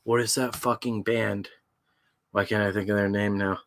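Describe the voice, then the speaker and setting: A man co-hosting a casual late-night chat, drunk and high, who keeps breaking into giggles while he talks. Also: level tone, normal speed, a bit bright, no room sound. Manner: giggly, laughing through his words. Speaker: podcast co-host.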